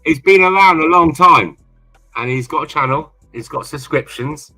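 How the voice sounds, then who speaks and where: Chatty man with a bright voice. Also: fairly high pitch, moderate pace, faint music behind. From England. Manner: rambling, repeats himself, chatty. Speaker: livestream co-host. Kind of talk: casual livestream chat.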